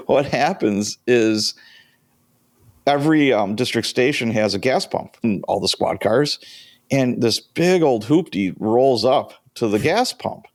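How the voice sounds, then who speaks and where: A man in his fifties, a retired police sergeant, telling stories as a guest in a casual interview, animated and quick to chuckle. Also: medium pitch, no echo. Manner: lively anecdotal storyteller who chuckles often.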